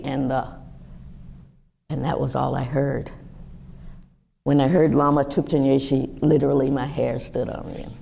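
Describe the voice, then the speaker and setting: A woman in her sixties telling personal stories to a live audience in a lively, animated way. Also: gravelly, slight background noise. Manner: lively, animated storytelling with wide pitch swings. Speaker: guest speaker. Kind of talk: storytelling talk to a live audience.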